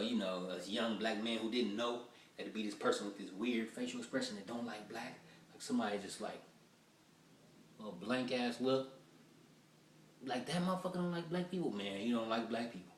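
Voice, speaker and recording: A man running through stand-up material in an animated, profane, rambling way. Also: lowish voice, slight background noise. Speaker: stand-up comedian. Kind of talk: stand-up rehearsal. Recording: roomy echo, mic far off.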